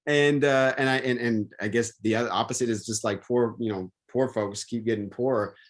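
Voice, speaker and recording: A man in casual conversation, rambling and animated, with many restarts and fillers. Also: mid-range voice, fairly quick.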